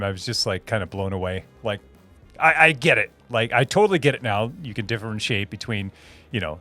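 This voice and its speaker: A man's voice: mid-range voice, fairly bright tone. A man hosting a live stream, answering chat in a rambling, laughing way with many restarts and fillers. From Minnesota.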